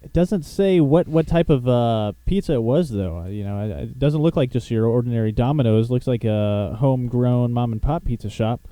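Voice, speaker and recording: Young man, podcast host, rambling casual chat, mellow dark voice, dry close mic. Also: medium pitch, normal speed, hardly any pauses, no echo. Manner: rambling, laughs often. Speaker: show host.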